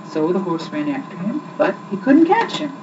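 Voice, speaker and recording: A woman reading a children's story aloud as a storyteller, in an expressive, lively way. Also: lowish voice, moderate pace. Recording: muffled distant recording with loud background hiss.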